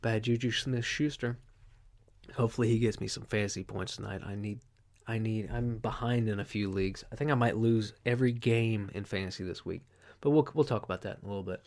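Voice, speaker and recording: A man's voice: lowish voice, steady tone, brisk, a little mellow. A man hosting a solo podcast, telling rambling, profane stories with lots of fillers. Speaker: podcast host. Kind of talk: casual solo podcast monologue.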